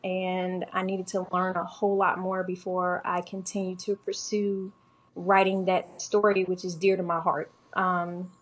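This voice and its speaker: A woman's voice: lowish voice, flat delivery, a little slow. A woman from Georgia, a guest author, talking through her writing life in a casual interview.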